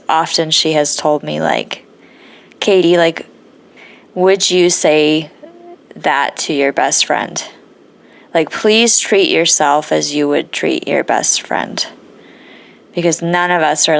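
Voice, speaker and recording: A woman's voice: lowish voice, gravelly, clear, resonant tone. A woman hosting an interview, affirming her guest and searching for her words as she reflects. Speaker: podcast host. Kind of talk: empathetic interview conversation.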